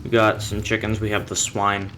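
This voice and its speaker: A young man gives a casual walkthrough of his game base, rambling, correcting himself, and tossing out dry offhand jokes. His voice is lowish and monotone at a normal speed, with music playing in the background.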